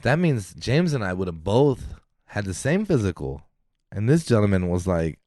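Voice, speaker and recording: In a podcast studio with clean, echo-free sound, a male co-host with a lowish voice takes his time telling stories. He's an animated storyteller in casual chat who swears freely and laughs often.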